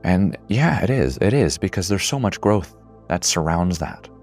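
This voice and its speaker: A man's voice: low voice, big pitch swings, normal speed, darkish tone, soft background music. A man in his twenties giving an earnest, reflective monologue, swearing casually at times. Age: 20s. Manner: earnest, builds to emotional intensity. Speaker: speaker.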